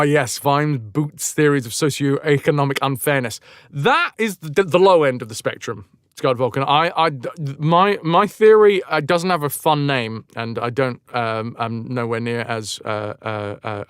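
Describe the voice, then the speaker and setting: A man's voice: medium pitch, unhurried, a bit bright, clean tone, no echo, clean studio sound. A man hosting a livestream, chatting in a digressive, wry way, often cutting himself off mid-thought and swearing casually. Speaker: livestream host. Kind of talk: casual rambling chat.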